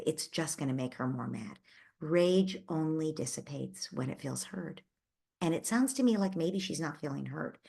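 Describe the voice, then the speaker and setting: A woman hosting a parenting Q&A who answers a parent's question with empathetic, reassuring coaching and thinks aloud with small restarts. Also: low-pitched. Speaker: parenting advice host.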